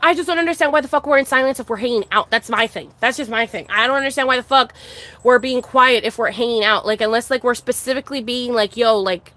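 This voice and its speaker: A woman's voice: a little high, quick pace, bright, forceful tone. A woman ranting casually to her viewers, exasperated, swearing constantly and restarting her sentences. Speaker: streamer. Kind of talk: casual venting monologue.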